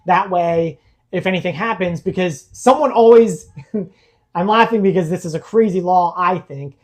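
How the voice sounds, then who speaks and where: Earnest man telling a personal story. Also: sits high. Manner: earnest, halting, with many fillers and restarts. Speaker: podcast guest.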